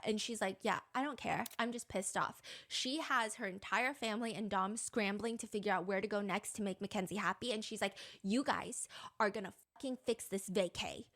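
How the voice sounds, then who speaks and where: A young woman hosting a casual true-crime commentary, reading text messages aloud with animated indignation. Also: mid-range voice. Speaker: commentary channel host.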